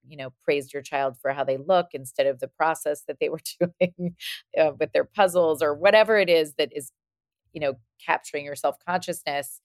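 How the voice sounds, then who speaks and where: A woman's voice: low voice, smooth, dry recording, clean studio sound. A woman hosting a podcast, talking in a thoughtful, casual way and circling back to restate her points. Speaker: podcast host and psychologist. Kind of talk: casual conversational podcast discussion.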